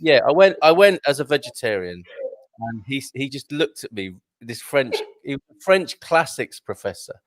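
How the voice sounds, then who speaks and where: A man bantering in casual chat, telling a jokey anecdote in a lively way. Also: mid-range voice, moderate pace, no room sound. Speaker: regular of an expat chat show.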